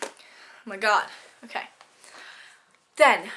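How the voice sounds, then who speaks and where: A woman's voice: medium pitch, animated, sharp tone. A teenage girl vlogging about her school classes in a bubbly, gushing way, sounding stuffy from a cold. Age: teens. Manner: bubbly, gushing, rapid chatter. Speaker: student vlogger. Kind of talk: casual vlog chat.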